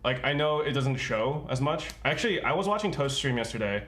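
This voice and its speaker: A man's voice: mid-range voice, lively intonation, brisk, fairly bright tone. A young man, a streamer co-host, talking earnestly in casual chat and leaning on filler words. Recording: roomy echo.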